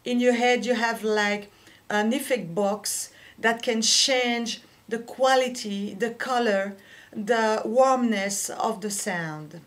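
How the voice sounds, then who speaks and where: A woman whose first language is French, teaching a singing lesson and explaining slowly and carefully with small pauses. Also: fairly high pitch. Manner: slow, careful explaining with fillers. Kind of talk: vocal lesson with sung demonstrations.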